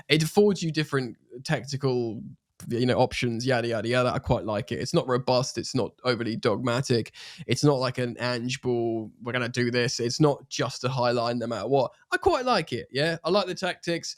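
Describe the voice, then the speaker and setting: An animated man from England talks football on a podcast with casual energy and the odd swear. His voice sits mid-range and sounds close, with no room around it. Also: medium pitch, no room sound. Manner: animated, swears freely, puts on playful accents. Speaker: podcast co-host.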